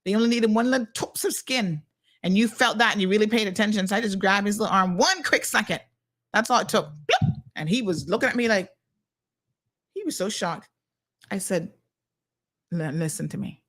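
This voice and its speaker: A Caymanian woman with an ordinary mid-range voice hosts a casual talk show. She reads viewer comments aloud and spins sassy, lively stories, peppering them with affectionate asides. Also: mid-range voice, fast. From Cayman Islands. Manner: sassy, animated storytelling with "honey child" asides. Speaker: host.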